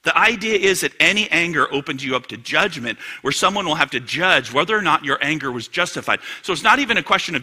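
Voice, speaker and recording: A man preaching with a lively, far-ranging delivery and a brilliantly bright tone. His voice has a husky edge, and he pushes from booming emphasis down to near-whispered asides, peppering the sermon with rhetorical questions. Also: a little fast, hardly any pauses. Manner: animated, rhetorical questions, swings from loud to hushed. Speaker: pastor.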